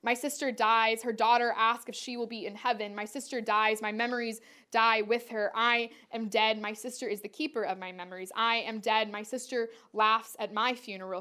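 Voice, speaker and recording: A woman's voice: on the high side, steady tone, normal speed, few pauses, sharp tone. A woman performance artist delivering spoken-word poetry in a rhythmic, incantatory way, repeating her refrains.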